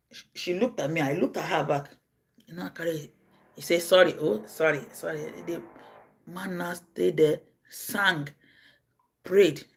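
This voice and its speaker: A Nigerian woman telling stories on her livestream. She acts out the people in them, jumping from a low murmur to high cries and shouts. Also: husky. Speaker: livestream host. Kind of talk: casual storytelling.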